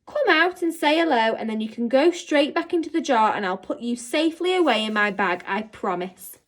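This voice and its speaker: A woman voicing an earnest, gentle young boy in a storybook reading, speaking in a patient, coaxing way. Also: on the high side, animated, moderate pace.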